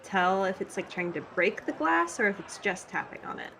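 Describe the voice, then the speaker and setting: A woman playing a tabletop game, soft-spoken and thinking aloud. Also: mid-range voice, very animated, moderate pace, a little hiss or hum. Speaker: player.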